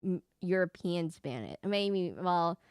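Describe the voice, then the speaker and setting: A woman's voice: lowish voice, expressive, slow, a little mellow, clear, resonant tone, dry recording, studio quality. A woman streaming a video game, chatting casually with many restarts and self-corrections and frequent giggles. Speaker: VTuber streamer. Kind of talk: casual gameplay commentary.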